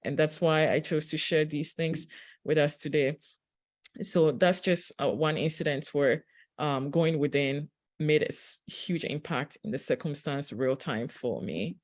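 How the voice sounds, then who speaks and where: Gentle, unhurried woman telling a story. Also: sits low. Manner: gentle, unhurried, with pauses and fillers. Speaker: spiritual teacher; registered nurse. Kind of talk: reflective spiritual talk with personal story.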